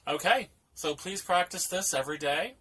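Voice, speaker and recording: A man's voice: high-pitched, lively intonation, moderate pace. A man teaching a piano lesson, patiently counting rhythms aloud for students to follow. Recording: loud music under the voice. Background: piano playing.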